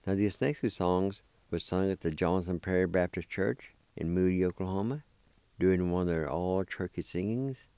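A man hosting a radio language lesson, spelling and repeating words slowly and carefully. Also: low-pitched, mellow, clear, resonant tone, no room sound. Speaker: language teacher and program host.

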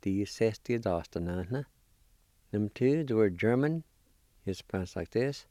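Slow, deep-voiced man teaching spelling. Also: lively intonation, mellow, dry recording, clean studio sound. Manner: slow, deliberate, spells letter by letter. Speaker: language teacher. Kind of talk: spelling and pronunciation lesson.

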